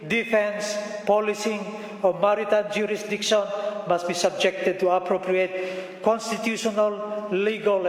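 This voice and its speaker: High-voiced Solomon Islands MP in echoey hall. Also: male voice. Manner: formal, lists points one by one. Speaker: member of parliament. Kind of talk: parliamentary speech. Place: parliament chamber.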